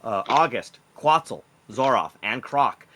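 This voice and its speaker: A man's voice: medium pitch, expressive, a little slow, background noise. A man narrating a tabletop game as game master, rambling with many fillers.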